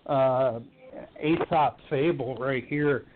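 A man co-hosting a poetry show, praising enthusiastically with halting restarts in casual chat. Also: medium pitch. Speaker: co-host. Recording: tinny phone line with faint hiss.

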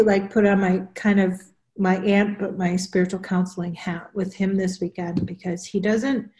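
Woman chatting slow on a video call, echoey room, kinda repeats herself, middle pitch. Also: a little mellow. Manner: unhurried, repeats and restarts while explaining. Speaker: spiritual counselor. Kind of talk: casual group call chat. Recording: roomy echo.

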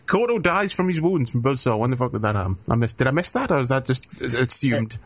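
A man's voice: mid-range voice, animated, a little fast, a bit bright. A man co-hosting a podcast, recapping a film plot in casual, sweary, jokey chat. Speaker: podcast co-host.

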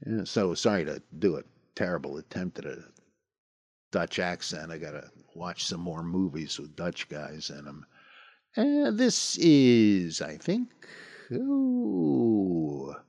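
Low-voiced man musing aloud, dry recording. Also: wildly swooping pitch, darkish tone, slightly rough, no room sound. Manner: halting, thinking aloud with many fillers. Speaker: podcast host answering listener questions. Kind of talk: casual talk, reading scripture and listener mail.

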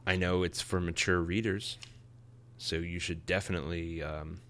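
A man hosting a podcast, reviewing a comic in a playful, excitable casual way. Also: deep voice, moderate pace. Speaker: podcast host.

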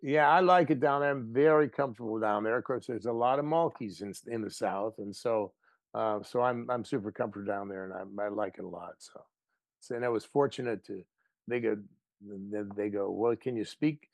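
A man guest on an interview show, chatting casually and telling stories with lively quoted voices. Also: fairly low pitch, a little fast, dry recording. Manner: animated storyteller, playful voices for quotes. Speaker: actor guest.

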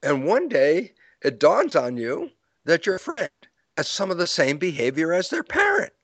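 Animated storytelling older man, dry sound. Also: fairly high pitch, a little slow, no room sound. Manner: animated, quotes his own lectures, laughs often. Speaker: interview guest, lecturer. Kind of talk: storytelling explanation in conversation.

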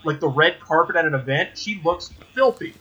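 A man on a casual podcast, his voice pitched high and bright. He talks in an animated way, stumbling over restarts and swearing freely. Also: fairly quick, husky, lo-fi sound. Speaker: podcast co-host.

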